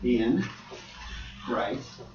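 Brief: male preacher, lively swinging delivery, dull sound from afar. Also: medium pitch, extremely slow, soft background music. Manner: animated, swings from loud to near-whisper, conversational asides. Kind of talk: sermon. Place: church hall. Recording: dull, roomy, distant church hall.

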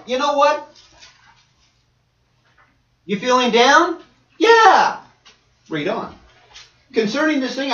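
Guy preaching a sermon, lively up and down voice, roomy far-off church audio, kinda dull. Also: sits high. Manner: raises voice, reads scripture, acts out quoted people. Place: church hall.

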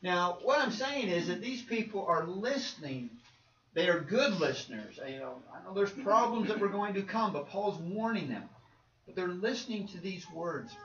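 A man's voice: on the high side, a bit bright. A man preaching a sermon with emphatic delivery, repeating words and acting out the quotes he cites. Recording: roomy, distant, dull with faint noise.

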